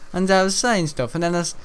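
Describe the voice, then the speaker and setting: A man chatting casually while streaming a game, rambling and joking and laughing often. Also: high-pitched. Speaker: gaming streamer. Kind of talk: casual livestream chat while gaming.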